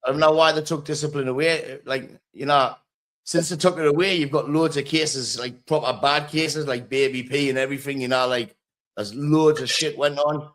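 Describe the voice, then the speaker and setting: A man's voice: a little high, steady tone, normal speed, fairly bright tone. A man hosting a casual interview, plain-spoken, with frequent ums. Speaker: podcast host.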